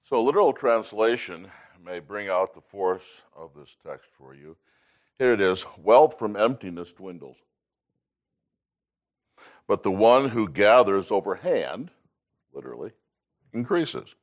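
A man in his sixties leads a Bible class, reading scripture aloud with emphasis and frequently clearing his throat. His voice sits on the low side.

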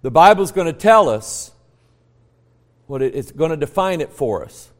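A man's voice: a little high, sing-song, normal speed. A man with an American accent, a pastor teaching a Bible class in a folksy, storytelling way, quizzing the group and restarting phrases. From United States. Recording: long reverb of a large room.

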